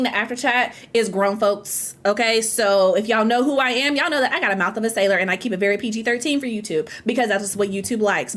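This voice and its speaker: A woman co-hosting a casual video podcast, ranting loudly with slang and an outspoken, animated delivery. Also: medium pitch. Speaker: podcast co-host.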